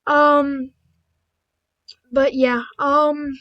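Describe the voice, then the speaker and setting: A woman with a high voice reads simple children's stories aloud in a casual, offhand way. She trips over words, restarts lines, and cuts in with blunt asides. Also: little pitch movement, extremely slow, lo-fi sound. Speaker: video creator.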